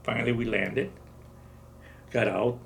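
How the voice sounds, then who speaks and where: A man's voice: medium pitch, fairly even intonation, measured pace, vocal fry, a bit bright, slight background noise. A man in his seventies, a veteran in an oral history interview, telling his stories in a rambling way and acting out the dialogue. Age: 70s. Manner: rambling storytelling, acts out dialogue.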